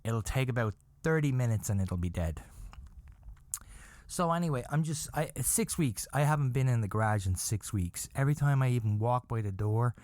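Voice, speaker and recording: Dude telling a funny story on his podcast, cusses a lot, voice shoots way up when he's freaked, pretty average pitch, dry close sound. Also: moderate pace, dry recording. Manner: animated, profane, jumps high when freaked out. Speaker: podcast host. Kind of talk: comedic storytelling monologue.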